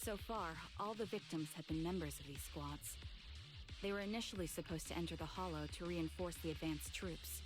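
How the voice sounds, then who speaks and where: An actress playing a reserved female sniper agent in a video game, with a measured, serious delivery. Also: fairly low pitch, music in the background, close to an everyday voice. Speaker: game character.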